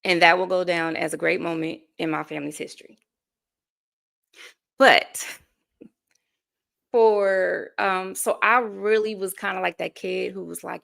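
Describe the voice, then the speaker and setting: A woman's voice: lowish voice, steady tone, a little slow, gravelly, pauses often, a bit bright. A woman in her forties from the United States, a life coach talking as a guest in a casual interview, earnest and full of stories. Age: 40s. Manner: earnest, storytelling, laughs between thoughts.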